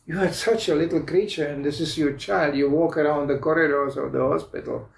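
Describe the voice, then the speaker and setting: A man in his fifties gives an anecdotal spiritual lecture in a club lecture room, telling stories, laughing often, and restarting sentences. His voice is a little high, gravelly, steady, and brisk, recorded from a distance with roomy hall echo.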